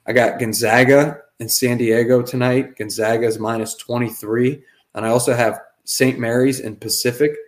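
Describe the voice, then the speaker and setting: A man co-hosting a casual sports podcast and rattling off confident betting picks. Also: medium pitch. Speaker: podcast co-host.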